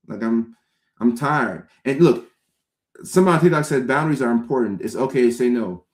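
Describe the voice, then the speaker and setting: A man hosting a comedic talk-show monologue, acting out friends' voices with big jumps in pitch. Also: darkish tone. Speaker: host. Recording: roomy echo.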